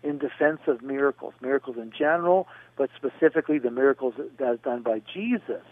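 A man answering a radio caller in a rambling, discursive way, pausing on fillers and spelling out names, heard over a phone line. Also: medium pitch, animated. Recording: tinny phone line, dry.

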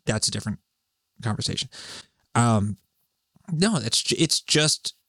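A man's voice: medium pitch, lively intonation, a little slow, pushed and bright, no room sound, clean studio sound. A man hosting a podcast, talking alone in a rambling, sarcastic way with lots of swearing. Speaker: podcast host. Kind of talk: solo rambling monologue.

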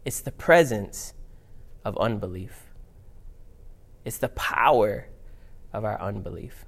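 A man preaching a sermon in an animated, conversational way, reading scripture aloud. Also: on the low side, takes it slowly, creaky. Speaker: pastor.

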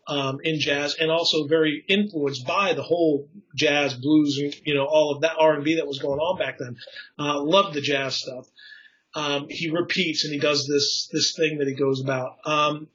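A man's voice: fairly high pitch, fairly bright tone. A man with a somewhat raised voice chats about poetry in a loose, rambling way, full of fillers and restarts. He chuckles at his own slips and drifts into tangents. The sound is a bit dull and lo-fi. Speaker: poetry enthusiast explaining craft. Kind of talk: casual conversational explanation.

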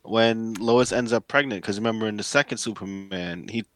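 A man's voice: lowish voice, normal speed, no echo. A man co-hosting a podcast, bantering about an episode in casual chat and laughing easily. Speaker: podcast co-host.

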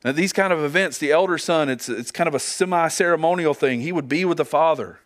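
A man's voice: fairly high pitch, fast. A man preaching a sermon as pastor, earnest, asking his listeners rhetorical questions and often repeating words as he goes.

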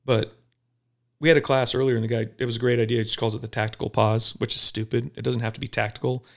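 A police officer talking bluntly and profanely in a casual podcast chat, telling animated stories. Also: male voice, mid-range voice, quick pace. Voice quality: gravelly.

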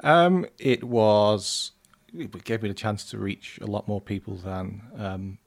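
Gravelly northern English man in his thirties. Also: lowish voice, slow. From northern England. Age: 30s. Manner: hesitant, many ums and restarts. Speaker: guest journalist. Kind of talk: casual podcast chat.

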